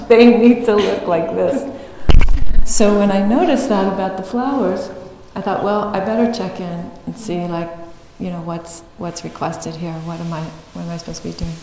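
Slow, low-voiced woman telling a dharma story. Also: steady tone, dark tone, a little hiss or hum. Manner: unhurried, reflective, laughs often. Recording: echoey hall with faint ambience.

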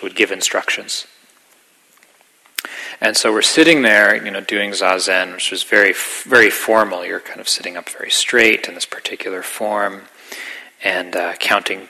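A middle-aged man giving a gentle, reflective dharma talk as a meditation teacher, sometimes dropping to a whisper. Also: low voice, poor audio.

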